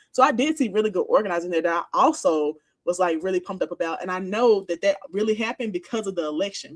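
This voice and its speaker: A woman co-hosting a political talk show, chatting casually and frankly about organizing, swearing freely. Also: mid-range voice.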